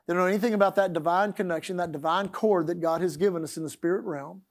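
A man preaching a sermon, emphatic, swinging from loud declarations to hushed asides and drawing out key phrases word by word. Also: high-pitched, quick pace. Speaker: pastor.

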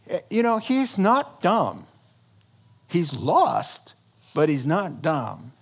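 Animated, joking male preacher. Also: a little high, slow, slightly rough. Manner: animated, humorous storytelling. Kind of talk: sermon.

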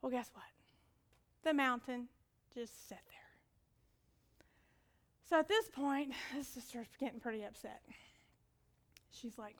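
A woman preaching a sermon, telling stories with acted-out voices and swinging from loud commands to whispered asides. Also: a little high, steady tone, a little slow, long pauses.

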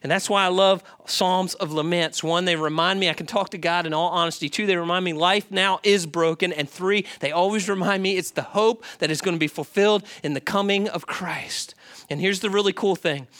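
A male pastor preaching a sermon in an animated way, often putting questions to the congregation. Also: high voice.

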